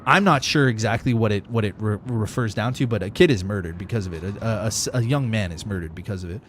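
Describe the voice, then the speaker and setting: A man's voice: lowish voice, fast talker, a little hiss or hum. A young man streaming a game live, chatting with viewers in a profane, emphatic, ranting way. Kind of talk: casual gaming livestream chat.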